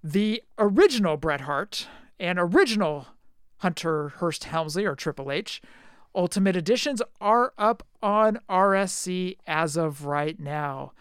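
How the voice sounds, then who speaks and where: A man's voice: sits high, expressive, a little slow, fairly bright tone, clean tone, no echo, studio quality. A man co-hosting a podcast, chatting casually and teasingly about collectible figure news. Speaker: podcast co-host.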